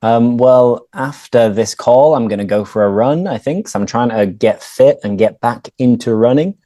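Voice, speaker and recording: A man, a teacher chatting casually with a friend and clearly explaining words and phrases for learners over a video call. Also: mid-range voice, moderate pace, warm tone, dry recording. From northern England. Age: 30s. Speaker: English teacher and host. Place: home room, on a video call.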